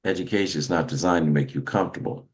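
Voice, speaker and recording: A man's voice: deep voice, fast. A man hosting a motivational podcast, talking in an emphatic, preachy way with frequent restarts. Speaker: host.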